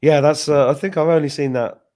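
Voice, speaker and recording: A man with a somewhat high voice hosts a podcast, talking a little fast in a casual, chatty way. He gets animated as he tells his story, acting out the voices of the people in it.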